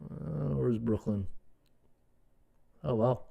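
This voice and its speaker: Rambling sports betting podcast host. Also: male voice, medium pitch, very slow, creaky, dull audio. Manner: rambling, thinks aloud with many fillers and restarts; talks to himself while checking stats, drops to a mutter. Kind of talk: live-stream sports betting talk.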